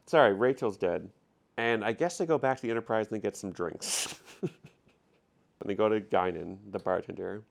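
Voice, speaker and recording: A man with a low, gravelly voice tells a story in a loose, joking way. He is flippant and slangy and keeps laughing as he goes. He drops into quick, offhand versions of the characters he quotes. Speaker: storyteller recapping an episode. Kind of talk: casual comic retelling.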